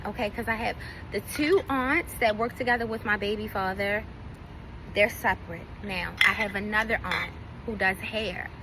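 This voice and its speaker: Bright-voiced woman ranting a storytime. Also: fairly high pitch, a little hiss or hum, low-quality recording. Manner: blunt, profane, indignant. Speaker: vlogger. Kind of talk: casual storytime rant.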